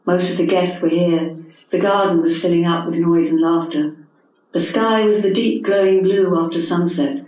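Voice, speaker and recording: A woman, reading her own story at a literary event in a measured, expressive way. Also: lowish voice. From England. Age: 70s. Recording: echoey hall from a distant mic.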